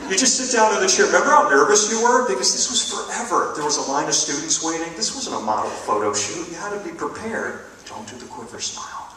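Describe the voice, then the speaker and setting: A man doing a stand-up comedy routine in a college auditorium, animated and jumping between bits with mock outrage, with the audience laughing behind him. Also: high voice, fast talker, hardly any pauses, slight background noise. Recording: echoey hall taped from far off, audience laughter.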